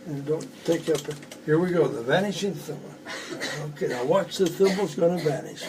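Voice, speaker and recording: A man's voice: fairly high pitch, a little fast, background noise. A man in his eighties, a magician, chatting at home and telling rambling jokes between tricks. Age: 80s. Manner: joking, rambling storyteller. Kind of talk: casual chat with demonstrations.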